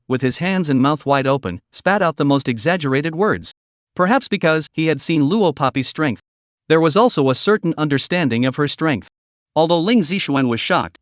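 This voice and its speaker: A man with a fairly high voice reads out a story recap, steady and a little stiff in his phrasing. The sound is dry and close, with no room around it. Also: no room sound. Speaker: narrator. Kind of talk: scripted story recap narration.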